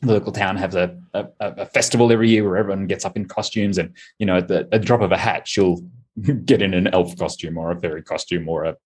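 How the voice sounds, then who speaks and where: Male podcast guest, low husky voice, chatty, laughs a lot. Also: fairly even intonation, darkish tone. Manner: chatty, laughs often, quick bursts of delight. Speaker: coaching client, guest. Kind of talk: casual podcast conversation.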